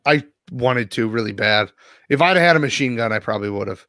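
A man's voice: mid-range voice, brisk, no room sound, studio quality. A man co-hosting a podcast, telling a long story and swearing constantly. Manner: swears constantly, animated retelling. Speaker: podcast co-host. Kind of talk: casual profane storytelling.

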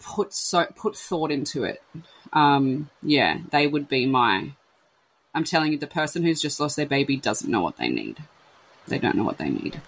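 A husky-voiced woman talks openly and emotionally, her sentences trailing off and restarting as she acts out her friends' words. Her speech is slightly breathy. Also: low-pitched, big pitch swings, moderate pace, low-quality recording. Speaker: podcast host sharing her baby loss. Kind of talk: candid casual chat.

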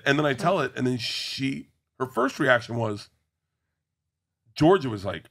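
Man, forties, comedian, lively up-and-down delivery, mid-pitched, profane, laughs through it. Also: moderate pace, gravelly, long pauses. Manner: animated, profane, laughs through his own story. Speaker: comedian guest. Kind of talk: comic storytelling on a talk show.

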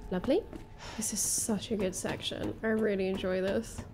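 Against a noisy background, a young woman with a steady, medium-pitched voice at normal speed streams her first playthrough of a game. She chats casually and swears, spiraling into panicked repeated words.

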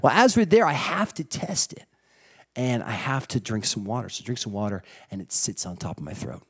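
Animated storytelling pastor, a man. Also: mid-range voice, a little fast, husky. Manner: animated storytelling, acting out family members. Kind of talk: sermon.

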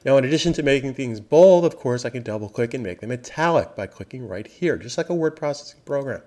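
A man teaching web design software, narrating a screen recording in an upbeat, emphatic way and repeating key phrases. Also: medium pitch, expressive, fast talker. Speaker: software trainer.

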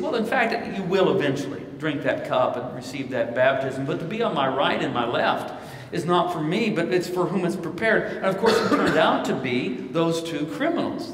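A Missouri pastor and keynote speaker with a rather high voice answers questions at a live conference, preaching-style, telling stories and quoting scripture in lively voices. The large hall is echoey, he's picked up from a distance, and there's a little hiss or hum.

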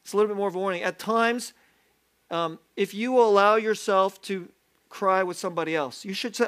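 A man preaching a sermon as pastor, lively and self-deprecating, often laughing as he talks. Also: sits high, brisk, clear, resonant tone. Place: church sanctuary.

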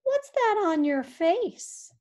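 A woman voicing a smug male barn cat who teases slowly and slyly. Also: extremely high pitch, very animated, a little mellow, pitched above the performer's own voice, exaggerated voice. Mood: teasing. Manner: sly, slow, teasing.

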